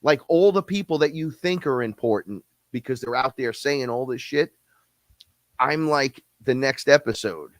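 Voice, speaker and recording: Casting note: fast-talking, profane man ranting, dry close sound, middle pitch. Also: no echo. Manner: blunt, profane, fast-talking, mimics others. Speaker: podcast guest-host. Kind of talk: casual rant.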